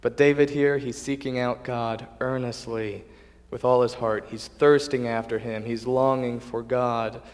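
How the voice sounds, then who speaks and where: A man preaching a sermon in an earnest, measured way, now and then restarting a phrase. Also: medium pitch, level tone. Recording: long reverb of a hall.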